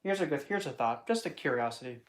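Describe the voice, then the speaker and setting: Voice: mid-range voice, lively intonation, quick pace. A vlogger talking casually to camera in a chatty, rambling and playful way, often breaking into put-on voices. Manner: playful, wordplay and asides. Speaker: spiritual vlogger.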